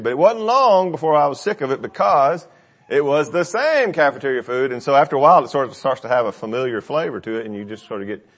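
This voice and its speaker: A man's voice: medium pitch, fast talker. A man preaching a conversational sermon, telling a scripture story with personal anecdotes and acting out the quotes. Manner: conversational, animated when quoting.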